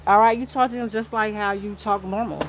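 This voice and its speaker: A woman's voice: medium pitch, steady tone, brisk, a little hiss or hum. A woman giving a casual spiritual card reading to her viewers indoors, talking in a rambling, loose way and swearing now and then. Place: indoor room.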